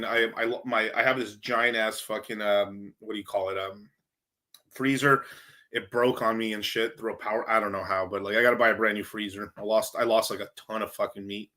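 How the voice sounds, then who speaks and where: Bright-voiced man cursing through a casual story. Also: lowish voice, a little fast. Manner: profane, loose, lots of fillers and restarts. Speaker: livestream host answering chat questions. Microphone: streaming microphone.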